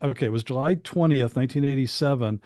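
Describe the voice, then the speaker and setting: A man appears as an interview guest, telling stories about studio work in a casual, chatty, anecdotal way, with frequent restarts and asides. He talks fast in a mellow, medium-pitched voice, and the recording is dry.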